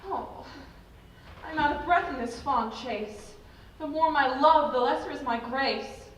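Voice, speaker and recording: Woman doing a heartsick girl, high pleading voice, big echoey room, far from the mic. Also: measured pace, a bit bright. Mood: forlorn. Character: lovesick, self-pitying young woman. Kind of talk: live stage play. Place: school auditorium stage.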